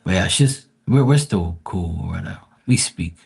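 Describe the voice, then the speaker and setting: A man's voice: low-pitched, animated, normal speed, creaky, a little mellow, husky. A man telling stories in a casual, crude and mocking rant, full of swearing, with stammered restarts. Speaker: vlogger.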